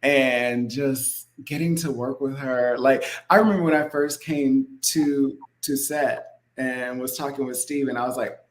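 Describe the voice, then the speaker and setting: A lively guest chatting in a casual interview, laughing often and peppering the talk with fillers. The voice sits at an everyday mid pitch. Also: male voice, a little slow, few pauses. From not from New Orleans. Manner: animated, laughing, lots of "like" fillers. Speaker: actor guest.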